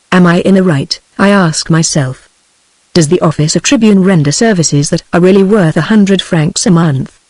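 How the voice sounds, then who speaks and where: A text-to-speech voice of a British English woman reading the lines of an ardent, half-mad outlaw poet in a flat synthetic manner. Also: fairly low pitch, no echo, natural voice.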